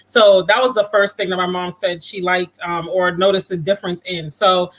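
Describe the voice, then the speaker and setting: A man hosting a casual livestream talks straight to his viewers, wandering onto tangents and laughing often. His voice sits notably high. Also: steady tone, moderate pace, fairly bright tone. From United States. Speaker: livestream host.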